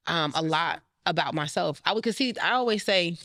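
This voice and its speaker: Fast-talking woman telling her story. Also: lowish voice, lively intonation, sharp tone, no room sound, clean studio sound. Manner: emotional, frank storytelling. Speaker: guest, life coach. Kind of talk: candid personal interview.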